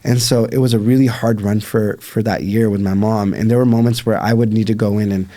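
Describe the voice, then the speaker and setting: Low-voiced man telling a painful story. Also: steady tone, fairly quick, warm tone. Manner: earnest, reflective, many fillers. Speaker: podcast guest, life coach. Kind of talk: emotional personal storytelling.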